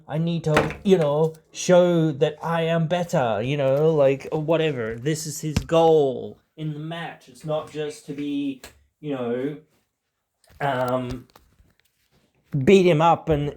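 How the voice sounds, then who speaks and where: A man's voice: on the high side, steady tone, slow, darkish tone, a little hiss or hum. A man hosting a podcast, talking casually in a rambling way, with lots of fillers. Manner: rambling, heavy filler words. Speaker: podcast host.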